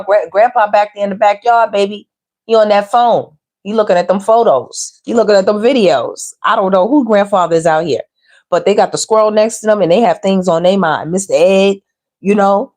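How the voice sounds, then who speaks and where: A woman's voice: mid-range voice, brisk, a little mellow. A woman giving a casual, teasing tarot reading straight to her viewers. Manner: chatty, teasing, talks straight to viewers with slang. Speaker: tarot reader.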